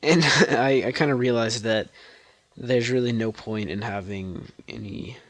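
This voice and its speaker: A man's voice: mid-range voice, a little slow, a bit bright. A young man giving rambling, chatty gameplay commentary and often correcting himself. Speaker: gameplay video creator.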